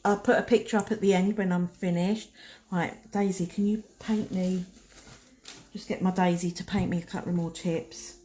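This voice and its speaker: A woman's voice: lowish voice, fairly even intonation, normal speed, warm tone, slight background noise. A woman giving a chatty, casual nail art tutorial, talking herself through each step as she paints. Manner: chatty, talks to herself while working.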